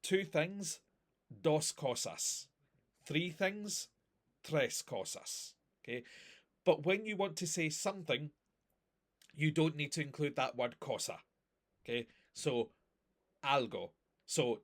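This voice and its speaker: A male language teacher explains grammar in a slow, unhurried way, with a fairly high voice for a man. He works through examples patiently and keeps checking that his students follow. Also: lively intonation. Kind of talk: recorded grammar lesson.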